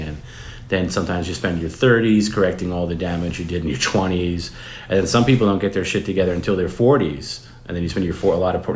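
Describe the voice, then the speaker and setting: A very low-voiced man in his forties hosts a casual live stream and chats with his viewers. He rambles, restarts his sentences and drops the odd swear word. The room sounds echoey, with a faint hiss underneath. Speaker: host. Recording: roomy with faint background noise.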